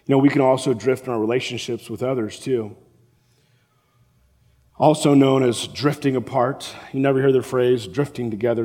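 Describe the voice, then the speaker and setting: A man preaching a sermon as a pastor, animated and acting out the voices of the people in the story. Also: medium pitch. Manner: animated, acts out the quoted voices. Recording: long reverb of a large hall.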